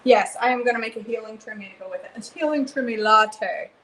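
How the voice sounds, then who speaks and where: A woman hosting a live cooking stream from her home kitchen, chatting excitedly and answering viewers by name. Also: on the high side, brisk, slight background noise, rough recording. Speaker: cooking livestream host. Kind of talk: casual live cooking chat, reading comments.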